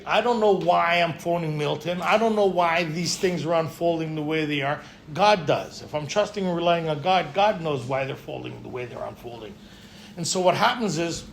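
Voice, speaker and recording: A middle-aged man speaking at a recovery retreat, telling his story in an animated way and acting out the dialogue. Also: on the high side, a little hiss or hum.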